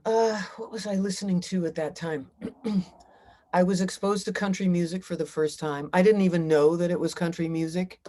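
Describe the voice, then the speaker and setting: A woman's voice: fairly low pitch, steady tone, normal speed, dark tone. A middle-aged woman, a singer-songwriter, talking reflectively in a casual interview.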